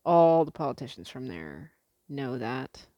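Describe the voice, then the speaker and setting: A woman's voice: a bass voice, sing-song, a little slow, no room sound, highs cut off. A young woman from the Midwest chatting casually to camera as a vlogger, rambling with lots of fillers and the odd swear word.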